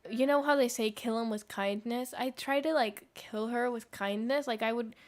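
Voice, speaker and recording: A woman's voice: fairly high pitch, normal speed. A young woman streamer chatting casually while gaming, rambling through anecdotes with fillers and laughs.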